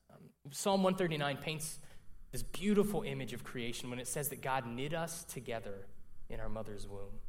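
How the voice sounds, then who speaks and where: With a medium-pitched voice, a young preacher shares a personal story in his sermon, keeping it conversational. He keeps checking in with the congregation, often tossing in "right?"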